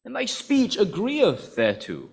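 Suspicious questioning onlookers, as a preacher puts them on, raised pitch. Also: male voice, wildly swooping pitch, unhurried, gravelly, full character voice. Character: suspicious bystanders, adult men.

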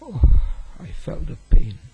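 A man's voice: slow pace, noisy background. A man preaching a sermon as a pastor, telling a story earnestly and rising sharply on key words. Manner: earnest, with sudden emphatic rises.

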